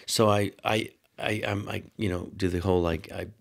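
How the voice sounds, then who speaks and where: A man's voice: low voice, fairly even intonation, moderate pace, gravelly, a little hiss or hum. A middle-aged man, a comedian guest, telling a rambling anecdote in casual chat, interrupting himself and acting out quotes. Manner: rambling, self-interrupting storyteller who acts out quotes.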